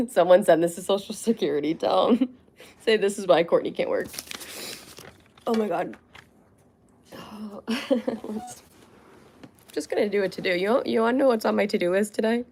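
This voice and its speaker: A woman's voice: medium pitch, normal speed, vocal fry, pauses often, darkish tone, slight background noise. A young woman hosting a casual livestream, chatting in a rambling way with frequent fillers and laughs. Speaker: livestream host.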